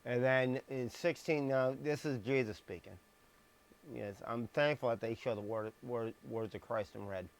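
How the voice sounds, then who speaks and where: In a live-streamed Bible message, a man reads scripture at a moderate pace in a mid-range voice through a streaming microphone. He stresses words and slips in blunt, sarcastic comments.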